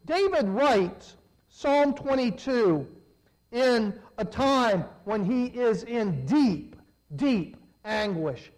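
Man preaching, high voice, very lively pitch, slow deliberate delivery, shifts from emphatic to hushed. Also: low-quality recording. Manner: expressive, swinging between loud high emphasis and low hushed tones. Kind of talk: sermon.

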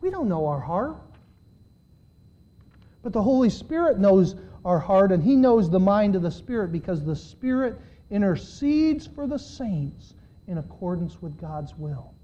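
A male pastor preaching a sermon. He speaks conversationally, questions the congregation directly, and swings between quiet and loud. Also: high voice, sing-song, unhurried, muffled recording. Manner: dramatic, with big swings in loudness.

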